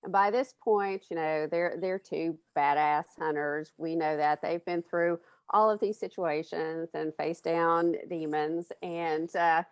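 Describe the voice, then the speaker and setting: A woman's voice: sits low, steady tone, measured pace, hardly any pauses, smooth, dry recording. A woman guest on a fan panel, talking hesitantly and searching for her words. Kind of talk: casual panel discussion. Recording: dry lo-fi call audio.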